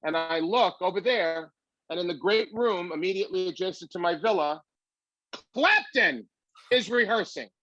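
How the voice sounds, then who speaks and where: A comedian as a guest, telling a long story with animated delivery. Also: male voice, sits high, moderate pace, no echo, dull audio.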